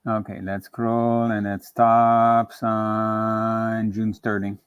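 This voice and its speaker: A man from Canada joining a live sewing stream as a guest by video call, chatting in a relaxed way with quick asides. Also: fairly low pitch, smooth, dry recording, narrow, tinny audio. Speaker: guest crafter. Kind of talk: casual live-stream chat.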